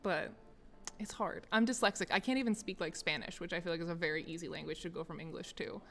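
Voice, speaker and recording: A woman's voice: lowish voice, fast, a bit bright, faint music behind. A young woman chatting casually with viewers on a stream, rambling with lots of fillers and frequent laughter. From United States. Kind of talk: casual chat. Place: office.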